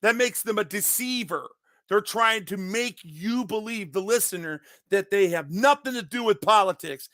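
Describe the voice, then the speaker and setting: A man's voice: high voice, pushed and bright, no echo, clean studio sound. A man ranting in an unscripted monologue, agitated and profane, often repeating himself. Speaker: online commentator.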